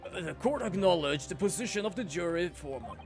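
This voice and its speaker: A man's voice: high voice, expressive, soft background music. Man doing a solemn courtroom judge. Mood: formal. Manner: formal, measured courtroom speech.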